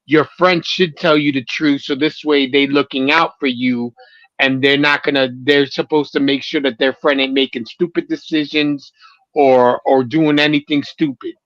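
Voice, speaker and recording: A man's voice: fairly high pitch, steady tone, moderate pace, fairly bright tone, dry recording, highs cut off. A man co-hosting a casual sports podcast, talking plainly and bluntly with frequent restarts, heard over a remote line. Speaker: podcast co-host.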